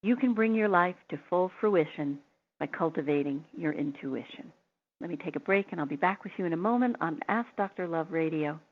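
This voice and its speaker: A woman's voice: lowish voice, lively intonation, brisk. A woman hosting an advice talk show, chatty and telling personal anecdotes. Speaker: radio show host. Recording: tinny phone-like line.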